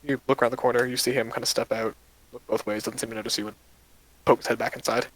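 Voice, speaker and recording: A man's voice: mid-range voice, flat delivery, fast, fairly bright tone, breathy edge, low-quality recording. Casual man running a tabletop game. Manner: casual, rambling with fillers. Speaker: game master.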